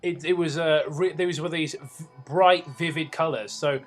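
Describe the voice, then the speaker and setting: A man's voice: fairly high pitch, fairly even intonation, normal speed, faint music behind. Man reading aloud sarcastically. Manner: reads aloud, stumbles, sarcastic asides. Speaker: reader and host. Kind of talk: comedic reading with banter.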